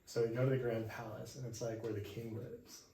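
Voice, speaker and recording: A young man hosting a podcast, telling a travel story in a relaxed chat at home and acting out the people he met. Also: medium pitch, brisk. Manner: animated, acts out quoted voices. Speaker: podcast host. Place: indoors at home. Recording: echoey room, mic far off, faint hiss.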